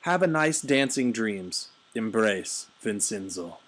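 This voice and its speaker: A man's voice: animated, takes it slowly, a bit bright, slight background noise. A man putting on an Eastern European accent to voice an earnest Eastern European man, in a raised, sing-song tone. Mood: sweet earnest. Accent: put-on Eastern European. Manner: high, sing-song, broken phrasing.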